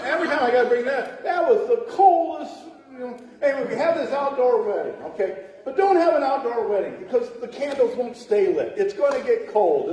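A middle-aged pastor entertains with wedding stories in a chatty sermon, laughing at his own asides and performing voices. His very high voice carries a warm tone. The echoey church sanctuary is recorded from a distance.

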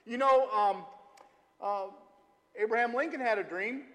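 A middle-aged man preaching a sermon, telling stories with lots of filler "uh"s and an animated delivery. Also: very high-pitched, a little slow. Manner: storytelling, animated, with frequent "uh" fillers. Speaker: pastor. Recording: long hall reverb.

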